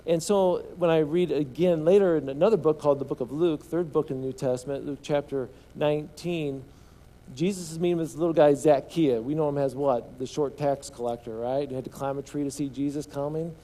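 A man preaches a sermon in a mellow, somewhat high voice. He asks the congregation questions and has them answer. He often stumbles and repeats words before pushing on. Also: steady tone, fairly quick. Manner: call-and-response with congregation. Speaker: pastor.

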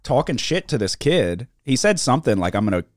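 This man talks in loose, foul-mouthed storytelling, acting out everyone he quotes. His pitch swings widely from line to line. The sound is dry and close, with no room echo. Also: moderate pace. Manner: profane, animated, mimics people he quotes. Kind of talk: casual storytelling chat.

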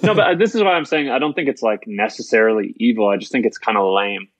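A man's voice: fairly low pitch, fast talker, no room sound, muffled recording. A man talking as a podcast guest in loose, rambling chat, swearing freely and filling with "like". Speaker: musician guest.

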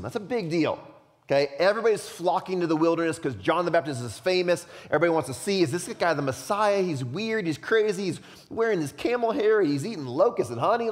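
A man preaching a sermon as pastor, speaking emphatically and often dropping to a quiet, intense hush. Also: a little high, expressive, a little fast, long reverb tail.

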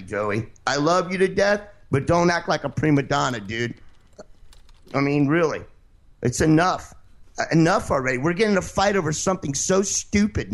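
A man hosting a show, arguing heatedly with a caller, defensive and swearing, repeatedly insisting on finishing his point. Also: on the high side. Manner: defensive, interrupting, swearing, keeps asking to finish. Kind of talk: heated call-in radio argument.

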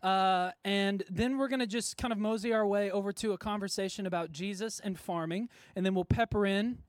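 High-voiced chatty man preaching. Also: fairly even intonation, a little fast, dry recording. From Texas. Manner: chatty, self-deprecating, laughs often, many fillers. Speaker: worship pastor. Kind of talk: sermon. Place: church service before a congregation.

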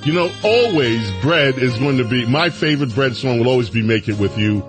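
A man hosting a political talk radio show, delivering an animated, mocking monologue. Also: mid-range voice, a little fast, over music. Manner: animated, mocking, mimics stammering officials. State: out of breath.

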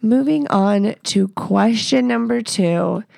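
A woman's voice: fairly high pitch, slow, vocal fry, warm tone, dry recording, studio quality. Blunt, profane woman podcast host. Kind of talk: casual advice chat.

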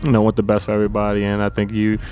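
A man's voice: fairly low pitch, monotone, racing, a little mellow, faint music behind. A man hosting a podcast interview, easygoing and teasing, with frequent affirming murmurs. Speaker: podcast host, athlete. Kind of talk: casual interview chat.

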